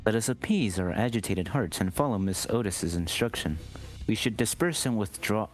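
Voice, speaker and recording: A man voicing a calm, formal young man who speaks in lyrical phrases, as fan voice acting of a game script. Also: on the low side, normal speed, faint music behind, natural voice.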